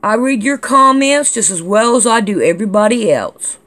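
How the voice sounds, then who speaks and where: A woman's voice: a little high, expressive, normal speed, fairly bright tone. A woman hosting a casual vlog, reading out viewer comments in a chatty, scolding, drawling way. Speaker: channel host reading comments.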